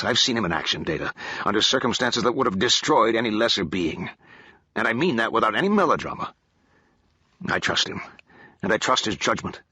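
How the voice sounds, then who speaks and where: Narrator guy doing a stubborn alien ex-soldier, blunt and heated, tense husky voice. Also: on the low side, sharp tone, no room sound, heavily acted. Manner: blunt, passionate about honor.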